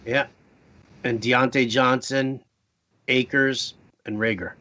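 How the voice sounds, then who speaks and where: A man's voice: medium pitch, fairly even intonation, pushed and bright. A man co-hosting a live fantasy football show, reading out viewer questions and joking around. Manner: jokey, quick-fire, rattles off player lists. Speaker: co-host.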